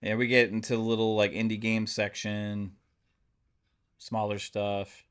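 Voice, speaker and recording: A man's voice: on the low side, level tone, measured pace, a bit bright, smooth, soft background music. A man chatting casually on a live stream, rambling with lots of fillers and swearing freely. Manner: rambling, many fillers, profane.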